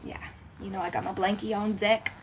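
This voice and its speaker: A woman spiritual healer gives a channeled message at home in a very noisy recording, her mid-range voice flat and fairly quick. She keeps a reverent, litany-like rhythm, sometimes whispering and slipping in playful asides.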